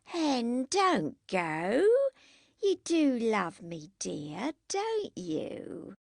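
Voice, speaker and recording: A tipsy, doting woman drags her words out slowly and sweetly. The voice swoops up and down, with a gravelly edge, as a woman narrator acts her out. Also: on the high side, wildly swooping pitch, no echo, studio quality, voice pushed up, exaggerated voice. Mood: drowsy doting. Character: drunk, drowsy, clingy woman.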